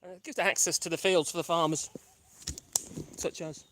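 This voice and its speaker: A woman's voice: on the low side, steady tone, moderate pace, a bit bright. Breathless, chatty woman. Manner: rambling, chatty, laughs often. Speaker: vlogger. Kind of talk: casual chat while walking. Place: outdoors on a country path.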